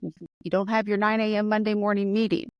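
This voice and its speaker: An American woman hosts a conversational interview podcast, speaking fairly quickly and smoothly. She's enthusiastic and emphatic, her pitch rising when she gets excited, though the audio is dull.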